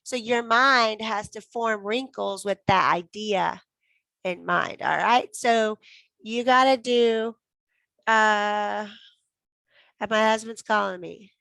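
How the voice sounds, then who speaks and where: A woman teaching a casual Spanish lesson into her phone, repeating phrases slowly with sudden high bursts. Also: vocal fry, pushed and bright, no room sound. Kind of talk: casual online language lesson.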